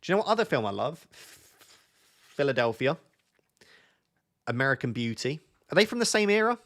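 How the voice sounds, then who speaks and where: A man's voice: on the high side, very animated, racing, a bit bright. A young man, chatting casually with viewers on a live stream, joking and thinking aloud as he reads their comments.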